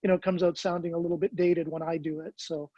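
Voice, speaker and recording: Talking fast in a flat, mellow, slightly high voice, a man chats as a songwriter guest in a casual interview. The recording has no room sound and the highs are cut off. He rambles with frequent restarts, and his accent is Canadian blended with American.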